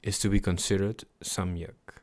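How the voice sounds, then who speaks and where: A man slowly reading and explaining devotional scripture, chanting at times, pausing to reflect and repeating his words. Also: low-pitched, flat delivery, a little mellow. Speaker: scripture reader. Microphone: computer mic on a livestream.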